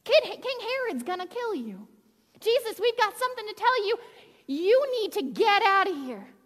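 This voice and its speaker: A woman's voice: very high voice, big pitch swings, normal speed, a bit bright, voice pushed up, exaggerated voice. A woman acting out Pharisees who urgently warn Jesus to run. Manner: urgent, pleading. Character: anxious Pharisees warning of danger. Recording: reverberant church hall.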